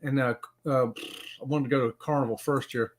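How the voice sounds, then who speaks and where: A man's voice: medium pitch, steady tone, moderate pace. A middle-aged man hosting a casual live-stream chat, rambling with fillers and greeting viewers by name. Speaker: live-stream show host.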